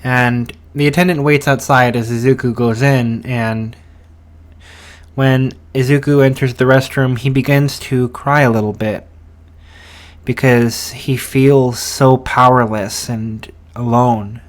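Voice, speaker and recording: A man's voice: mid-range voice, steady tone, slow pace. A man casually narrating a fan story, hesitant, with many fillers and restarts.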